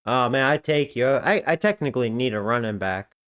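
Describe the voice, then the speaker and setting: A man's voice: medium pitch, lively intonation, fairly quick, fairly bright tone. A man casually commentating a video game, rambling and joking with frequent laughs. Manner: rambling, jokey, laughs often. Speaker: gaming streamer.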